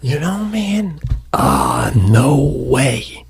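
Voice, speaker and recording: A man on a comedy podcast tells a long story at a casual pace. His voice sits at an ordinary pitch, and he rambles, swears freely and trips over his own restarts as he builds it up. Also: very animated, extremely slow, vocal fry, heavy background noise. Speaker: podcast co-host.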